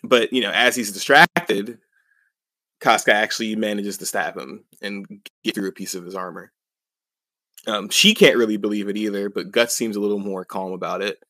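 A young man casually recaps a story on a podcast, rambling and full of fillers. His voice sits fairly low, and the recording is dry and close. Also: steady tone, normal speed, sharp tone, dry recording. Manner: rambling, filler-heavy, chuckling. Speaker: podcast co-host.

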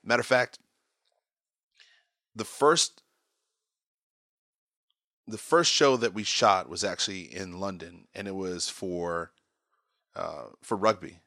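Middle-aged guy yakking away, bright lively voice, low-ish pitch, dry close sound. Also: takes it slowly, long pauses, dry recording. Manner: animated, excitable storyteller. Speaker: guest. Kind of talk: casual podcast storytelling.

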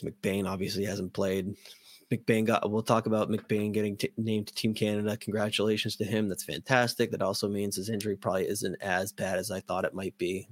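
A hoarse man with a lowish voice is hosting a casual podcast, his throat clearly wearing out. He rambles, swears freely and fills gaps with ums and you-knows. The recording is close and dry, with no room sound. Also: no room sound. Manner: rambling, profane, many ums and restarts. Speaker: podcast host. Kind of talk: casual hockey prospect talk.

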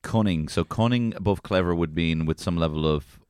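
A man's voice: low-pitched, fairly quick, a little mellow, smooth, no echo, clean studio sound. A man with a Dublin Irish accent, co-hosting a podcast with wry, teasing quips. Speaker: podcast co-host. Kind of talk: casual chat.

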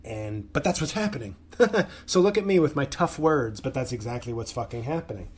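A man who hosts a comedy podcast, ranting angrily and profanely, stumbling over his words as his voice swings from loud outbursts to low mutters. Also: lively intonation, brisk, breathy edge. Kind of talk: solo podcast rant.

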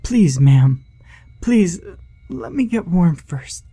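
A man voicing a frightened, sweet little girl who speaks softly and delicately in a horror story reading. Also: sits high, big pitch swings, takes it slowly, gravelly, husky, faint music behind, pitched above the performer's own voice, heavily acted. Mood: timid pleading. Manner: soft, delicate and pleading.

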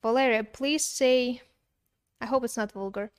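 Clear-voiced woman reading chat messages. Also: fairly high pitch, measured pace. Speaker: livestream co-host reading chat. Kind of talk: reading viewer messages aloud.

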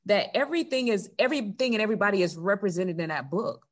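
A woman's voice: mid-range voice, lively intonation, quick pace. A woman hosting a podcast as a coach, speaking earnestly and affirmingly, stacking points into lists. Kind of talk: casual interview chat.

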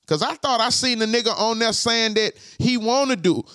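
A man hosting a podcast, talking to his live chat in a slangy, profane way and repeating his points slowly. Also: very high voice, sharp tone, clear, resonant tone, dry recording, studio quality. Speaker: podcast host. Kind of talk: casual live-stream chat.

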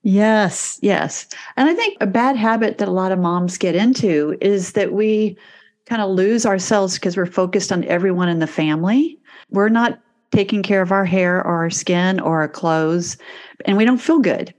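A woman's voice: mid-range voice, normal speed, darkish tone. A woman host in casual conversation, agreeable and supportive. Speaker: podcast host.

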